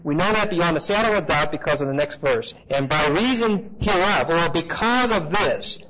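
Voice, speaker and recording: A man's voice: fairly high pitch, lively intonation, normal speed, pushed and bright. A man teaching the Bible to a class in a conversational, emphatic way, often checking in with his listeners. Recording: dull lo-fi recording with faint hiss.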